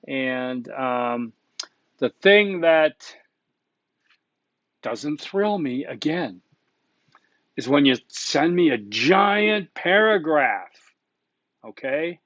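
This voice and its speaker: A college instructor records an online course lecture, speaking casually and bluntly with many asides and check-ins. His voice is mid-range and fairly bright, and the recording is dry, dull, and muffled, with no room sound.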